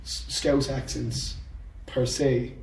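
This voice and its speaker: Irish podcast host, rambling and dry, recorded from a distance in an echoey room. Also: male voice, mid-range voice, little pitch movement, extremely slow, creaky, darkish tone. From Ireland. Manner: dry humour, rambling with fillers. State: sore throat. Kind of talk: casual podcast chat. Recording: roomy echo, off-mic, faint ambience.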